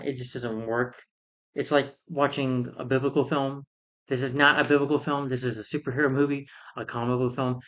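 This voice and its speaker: Rambling man recapping a film, lo-fi. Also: medium pitch. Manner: rambling, retells scenes and acts out characters. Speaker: film reviewer. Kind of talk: casual film review rant.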